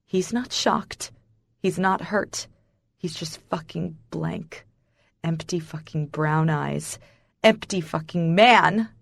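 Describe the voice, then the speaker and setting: Slow, intense woman audiobook narrator. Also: on the low side, gravelly, no echo, studio quality. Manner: intense, emotional storytelling. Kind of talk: first-person audiobook narration.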